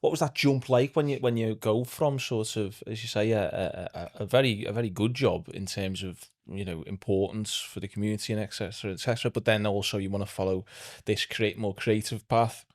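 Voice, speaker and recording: Comedian hosting a chat. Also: male voice, on the low side, a little fast, few pauses, a little mellow. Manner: laughing, rambling questions with restarts. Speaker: podcast host, comedian. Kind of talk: casual interview chat.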